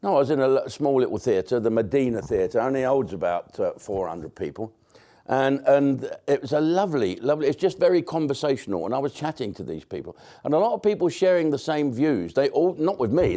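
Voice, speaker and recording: A man's voice: medium pitch, dark tone. An older English man, a comedian, delivering a blunt, rambling monologue to camera with frequent swearing and restarts. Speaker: comedian commentator.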